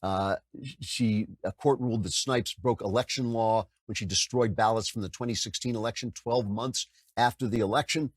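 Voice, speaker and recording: Brief: older male podcast host, husky low voice, lively pitch, dry close sound. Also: normal speed, no echo. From United States. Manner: conversational, animated, mocking impressions. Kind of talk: political commentary monologue.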